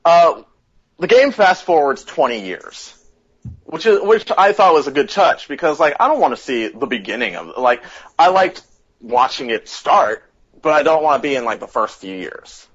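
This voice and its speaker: A man hosting a casual podcast chat, retelling a story with lively acted-out quotes. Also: fairly high pitch, moderate pace, breathy edge. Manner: animated retelling, acts out quotes. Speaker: podcast host. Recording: dull lo-fi podcast audio.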